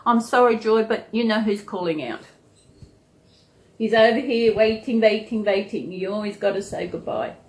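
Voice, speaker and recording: A woman's voice: medium pitch, normal speed. A woman with an Australian accent chatting casually to her subscribers, rambling and repeating her thanks. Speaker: vlogger. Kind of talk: casual chat to camera.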